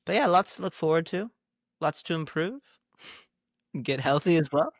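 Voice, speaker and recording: A man's voice: fairly high pitch, unhurried, no room sound, clean studio sound. A man co-hosting a casual podcast conversation, telling stories animatedly, acting out the dialogue and laughing often. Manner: animated storyteller who acts out quoted dialogue and laughs often. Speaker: podcast co-host.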